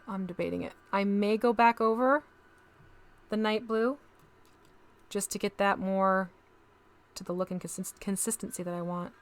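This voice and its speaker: A woman's voice: medium pitch, fairly even intonation, moderate pace, long pauses. A woman hosting a casual live stream, chatting to viewers as she paints miniatures and talks through each step.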